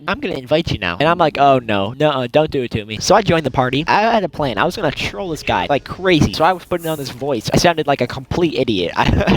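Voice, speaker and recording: Male gaming YouTuber, slightly raised pitch, animated jokey storyteller. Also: slight background noise. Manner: animated, jokey, laughs often. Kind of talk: storytime narration over gameplay.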